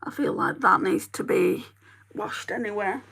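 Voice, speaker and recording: Doing her makeup on camera, a northern English beauty vlogger chats and rambles to her viewers in a mid-range, creaky, fairly bright voice at a measured pace. A slight hiss or hum sits under the recording.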